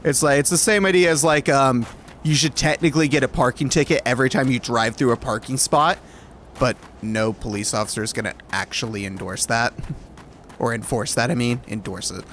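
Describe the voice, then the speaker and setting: A man's voice: mid-range voice, moderate pace, fairly bright tone, a little hiss or hum. A man from Alabama chatting casually with his stream viewers, rambling and correcting himself as he goes. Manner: rambling and self-correcting, light chuckles.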